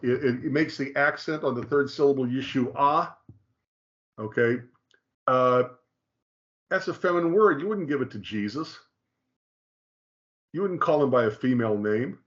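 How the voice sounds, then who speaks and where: An emphatic man in a mid-pitched voice explains things in a conversational teaching manner. He repeats himself for stress and keeps checking in with "okay?". The sound is a little dull and lo-fi. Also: animated, normal speed, long pauses.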